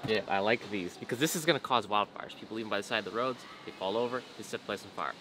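A man's voice: on the low side, fast talker. A young man hosting a casual workshop vlog, joking offhandedly with friends while building a model plane. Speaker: channel host building an RC plane. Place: indoor workshop. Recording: noisy workshop background.

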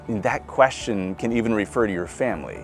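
A man's voice: on the low side, fast talker, faint music behind. A male pastor with a Midwestern American accent, preaching a sermon and acting out quoted voices. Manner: lively, acts out quoted voices.

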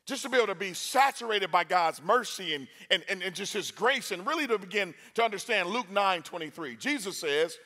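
A man preaching a sermon in a university chapel, energetic and talking with the crowd, with sudden loud bursts. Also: high-pitched, brisk, hardly any pauses.

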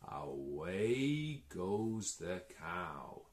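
A man reading a picture book aloud to children in an animated, playful way, asking the listeners questions and repeating words in a sing-song. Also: low voice, very slow. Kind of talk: read-aloud storytime.

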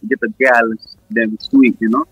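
A man's voice: mid-range voice, flat delivery, normal speed, fairly bright tone, husky, no room sound, lo-fi sound. A man from New York with a New York accent, a guest musician rambling in a laid-back, casual interview full of fillers. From Queens and Brooklyn, New York.

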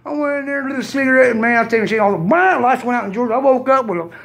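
A man's voice: very high voice, lively intonation, racing, gravelly, fairly bright tone. A man hosting a casual, crude comedy chat show, rambling, swearing and laughing often. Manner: profane, rambling, laughs a lot. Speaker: host.

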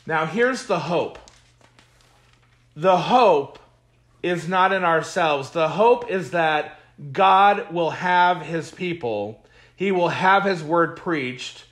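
A male pastor leading a Bible study, speaking at a slow, deliberate pace. His voice sits a little high for a man. He preaches with emphatic repetition and stops to comment on the verses he reads. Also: lively intonation, a bit bright. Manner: reads scripture aloud with comments.

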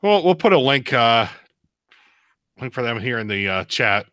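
A man's voice: very animated, moderate pace, sharp tone, no room sound, studio quality. A man co-hosting a casual live beer review podcast, chatty and prone to hard laughing fits. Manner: laughs hard, high giggly outbursts.

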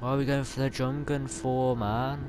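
A young man giving excitable live commentary over his gameplay, yelling at other players and grumbling when things go wrong. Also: medium pitch, normal speed, noisy background. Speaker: gamer. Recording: game sounds loud behind voice.

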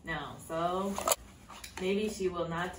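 A woman's voice: on the low side, steady tone, slow pace. A woman teaching English to young children, reading a storybook aloud and asking them patient, simple questions. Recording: echoey room, far from the mic, faint noise.

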